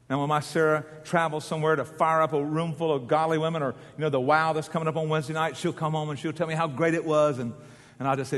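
A man's voice: on the high side, fast talker, a bit bright, long reverb tail. A middle-aged male pastor preaching with passion and leading his congregation in call and response. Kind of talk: sermon.

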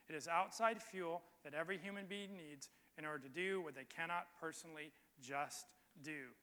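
Male pastor, slightly high and very bright voice, loose storytelling sermon, long reverb of a church hall. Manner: conversational storytelling with emphatic repetition.

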